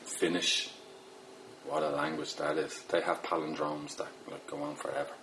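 A man's voice: extremely low pitch, very animated, moderate pace, vocal fry, noisy background. A middle-aged Irish man with a Dublin accent, a poet chatting in a rambling, self-deprecating way with lots of fillers. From Ireland. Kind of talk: casual interview talk.

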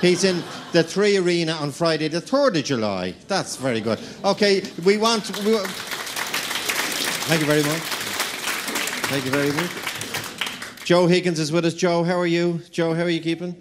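An Irish man hosting a live comedy show, chatty and quick to laugh as he works the crowd. His voice sits a little on the higher side for a man. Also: background noise. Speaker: show host.

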